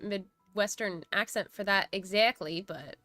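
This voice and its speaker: Woman streamer, casual chat host, bright and crisp, giggly. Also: medium pitch, measured pace, dry recording, soft background music. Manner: reads chat aloud, chatty and giggly. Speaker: streamer hosting a study stream.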